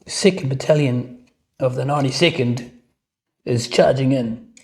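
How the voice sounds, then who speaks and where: Husky man narrating a tabletop battle. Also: mid-range voice, measured pace, rough recording. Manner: chatty, self-mocking asides, frequent ums. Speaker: wargamer narrating a battle report. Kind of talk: casual game commentary.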